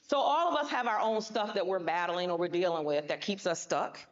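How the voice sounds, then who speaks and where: A woman's voice: lowish voice, fairly quick, muffled recording. A woman giving a motivational speech on a conference stage, emphatic and colloquial, talking straight to the audience. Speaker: motivational speaker.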